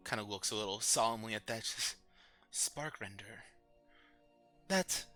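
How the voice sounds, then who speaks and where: A man narrating as game master of a tabletop game, relaxed and hesitant with many fillers. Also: fairly low pitch, quick pace, faint music behind.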